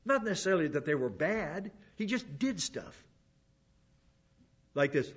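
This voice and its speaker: Guy preaching casual, husky kinda higher voice, dull lo-fi sound. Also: very animated, measured pace, long pauses. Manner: folksy, digressive storytelling with restarts. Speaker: pastor. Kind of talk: conversational Bible teaching.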